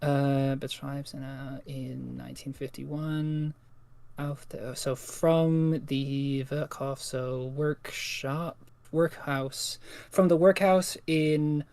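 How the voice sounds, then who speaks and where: A man's voice: mid-range voice, creaky, darkish tone. A man chatting casually on a live stream, thinking aloud and stumbling as he translates. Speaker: co-host.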